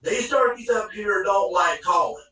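A man's voice: high voice, measured pace, sharp tone, voice pushed up. A man doing a cautioning old country turkey hunter. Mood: warning. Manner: cautioning, insistent. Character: elderly male rural turkey hunter, set in his ways. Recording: echoey room, mic at a distance.

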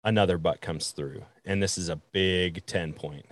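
Young male host, deep dry voice, lively storyteller. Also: moderate pace, dry recording. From Wisconsin. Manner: animated, acts out quoted voices. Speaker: podcast host. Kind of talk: storytelling in casual conversation.

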